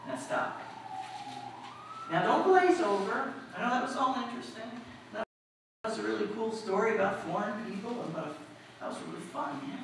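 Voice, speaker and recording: A woman preacher giving a lively storytelling sermon, asking the congregation questions as she goes. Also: fairly high pitch, moderate pace, long pauses. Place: church. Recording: echoey hall, distant mic, faint noise.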